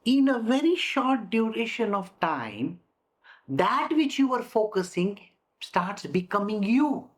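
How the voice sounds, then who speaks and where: Slow, lively woman teaching scripture. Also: medium pitch. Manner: deliberate, repeats phrases, acts out examples. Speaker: spiritual teacher. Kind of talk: scripture explanation talk.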